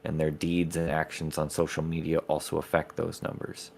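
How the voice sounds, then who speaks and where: A man's voice: rumbling low, monotone, moderate pace, creaky. A man, the game master of a tabletop campaign, explaining his setting's lore in casual podcast chat.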